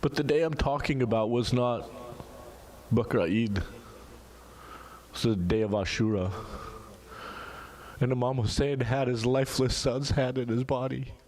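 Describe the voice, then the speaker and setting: A man in his thirties giving an emotional religious sermon, moving from casual asides to the audience into high, pleading retold prayers. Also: a little slow, long pauses, darkish tone. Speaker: majlis speaker.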